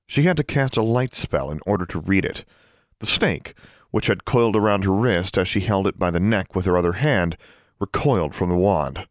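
Low-voiced male audiobook narrator. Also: lively intonation, normal speed, no echo, studio quality.

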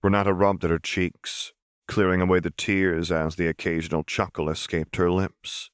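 A man narrating a story as an audiobook reader in a steady, even way. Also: low-pitched, normal speed, clean tone, no room sound, studio quality. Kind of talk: scripted narration.

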